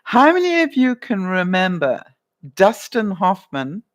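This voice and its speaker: A woman's voice: mid-range voice, sing-song, unhurried. A woman vlogger chatting casually on a live stream, giggling often as she reads out viewer comments. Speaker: vlogger running a movie quiz.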